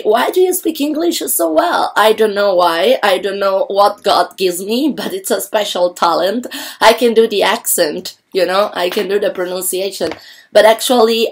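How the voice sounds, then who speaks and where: A woman from Italy with an Italian accent, a channel host addressing viewers casually in English, rambling and chatty, her voice a bit rough. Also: medium pitch, fairly even intonation, moderate pace. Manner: chatty, rambling, with frequent fillers.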